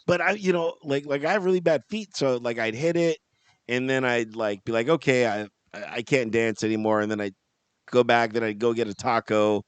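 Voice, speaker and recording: A man's voice: medium pitch, fairly quick, clear, resonant tone, dry recording. A man co-hosting a podcast, telling a rambling story in casual chat and laughing often. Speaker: podcast co-host.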